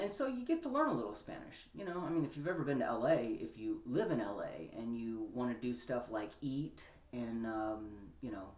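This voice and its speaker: A man's voice: mid-range voice, distant mic. Rambling man in an echoey room. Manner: rambling, animated when upset, many restarts. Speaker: podcast host. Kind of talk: casual monologue storytelling.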